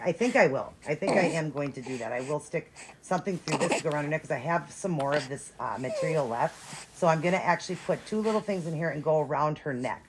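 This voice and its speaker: Very low-voiced woman gushing over a doll. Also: poor audio. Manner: gushing, chatty, talks to viewers while working. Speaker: reborn doll vlogger. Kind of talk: casual show-and-tell narration.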